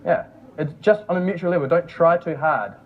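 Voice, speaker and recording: A man's voice: on the high side, brisk, breathy edge. A young man giving a casual, joking workshop talk to a room, on a dull lo-fi recording. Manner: chatty, joking, laughs often. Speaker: workshop presenter.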